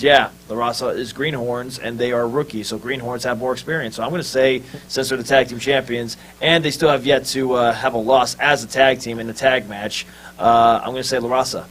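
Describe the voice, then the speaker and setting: A man on a wrestling panel giving earnest picks, halting with many fillers. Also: mid-range voice, fairly bright tone, slight background noise, rough recording. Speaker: wrestling pundit. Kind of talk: panel commentary.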